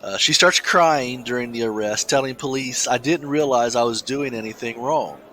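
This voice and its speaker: A man with a mid-pitched voice chats on a podcast and reads a news piece aloud. He halts and restarts often, feeling his way through each thought. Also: sharp tone. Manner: halting, many restarts, laughs easily. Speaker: podcast co-host. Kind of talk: casual chat, reading a news story aloud.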